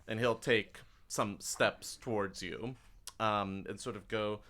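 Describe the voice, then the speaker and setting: A man narrating a tabletop role-playing game as its game master, describing scenes in an animated, descriptive way. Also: mid-range voice, slow. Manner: animated, descriptive, light laughter.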